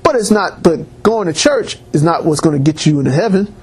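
Man, preacher, husky voice, lively swooping pitch, emphatic sermon delivery. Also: fairly quick. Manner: animated preaching, rising emphatic peaks.

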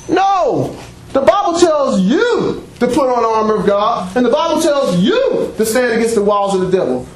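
High-voiced preacher in a very echoey hall. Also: male voice, a little slow. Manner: animated preaching, bursts of shouting and laughter, acts out dialogue. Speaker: pastor. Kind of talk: sermon. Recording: very echoey room, faint background noise.

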